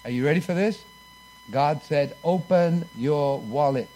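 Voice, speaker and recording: A man's voice: sits high, animated, moderate pace, a little mellow. A man preaching a sermon in church, telling a personal story and leading the congregation in call-and-response.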